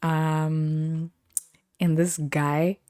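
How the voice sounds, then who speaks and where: A young woman chats through stories from her week on her own podcast. Her voice sits a little low, and she laughs often and acts out what other people said. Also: flat delivery, very slow, dark tone, clear, resonant tone. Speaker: podcast host. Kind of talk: casual storytelling.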